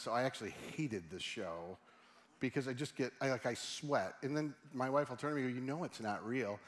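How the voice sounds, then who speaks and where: A middle-aged man preaching a sermon in a humorous, conversational way, often asking his audience questions. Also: medium pitch. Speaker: pastor.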